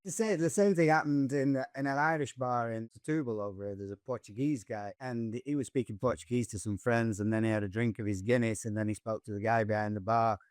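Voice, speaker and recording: A man's voice: mid-range voice, brisk, hardly any pauses, clean tone, dry recording, clean studio sound. A man with a Northern English accent, hosting a casual podcast and telling rambling anecdotes. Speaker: podcast host and comedian.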